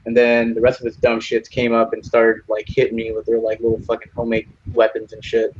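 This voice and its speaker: A man's voice: mid-range voice, monotone, fairly quick, muffled recording, a little hiss or hum. A young man telling a long profane story in casual voice chat, jumping into other people's voices for the quotes. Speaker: lobby chat regular.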